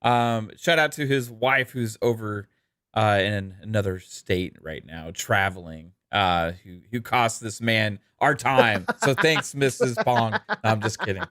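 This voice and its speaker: A man's voice: lowish voice, measured pace, a bit bright, no echo, studio quality. Laid-back man reading super chats. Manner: laid-back, laughs easily, many ums and uhs. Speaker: podcast co-host. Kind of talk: casual podcast chat reading super chats.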